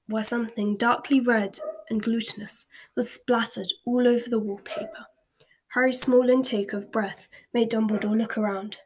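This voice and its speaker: A woman reads a story aloud in a slow, hushed whisper, now and then tripping over a word. Her voice is breathy and sits a little high. It is a soft, whispered storybook reading. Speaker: story reader.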